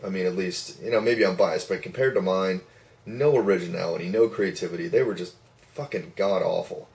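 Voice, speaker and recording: A man telling a personal story to camera in a casual, rambling way, swearing freely and getting animated. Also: sits low, brisk, vocal fry, far from the mic.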